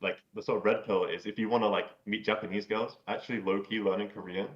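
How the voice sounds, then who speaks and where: Low-voiced man rambling over a call. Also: fairly even intonation, fast. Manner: rambling, full of "like", casual swearing. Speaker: podcast guest. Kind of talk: casual chat. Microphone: video call. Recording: dull lo-fi call audio.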